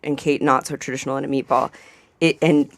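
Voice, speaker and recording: A woman's voice: a bass voice, little pitch movement, fast, no echo. A woman chef talking casually on a radio panel, rambling with plenty of fillers. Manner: chatty, rambling with many fillers. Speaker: chef guest. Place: radio studio.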